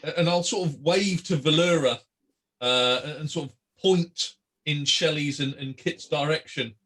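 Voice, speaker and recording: A man's voice: on the high side, unhurried, fairly bright tone. A man playing a tabletop role-playing game, describing what his character does and slipping into character. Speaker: player.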